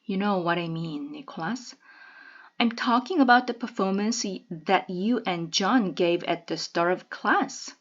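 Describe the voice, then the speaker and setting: A woman's voice: mid-range voice, a little slow, highs cut off, natural voice. A woman voicing a strict older female schoolteacher with a stern, clipped manner, read from a storybook. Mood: pointed.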